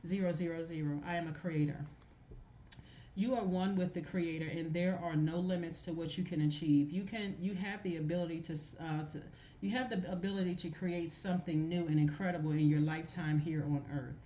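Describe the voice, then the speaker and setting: A woman's voice: fairly low pitch, steady tone, a little fast, warm tone, a little hiss or hum. A woman giving a casual tarot reading to her viewers, emphatic and repeating phrases for stress. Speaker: tarot reader.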